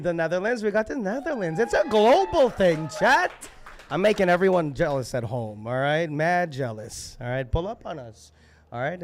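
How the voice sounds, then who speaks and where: A man with a notably high voice works the room as an open mic host. He jokes, swears and rallies the audience with loud, playful energy, recorded live in a poetry venue. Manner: loud, joking, profane crowd work. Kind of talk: hyping a live crowd.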